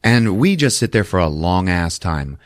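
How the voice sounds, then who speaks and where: A man hosting a podcast, recapping a film in a casual, profane, animated storytelling manner. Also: sits low, normal speed, no echo, clean studio sound. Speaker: podcast host.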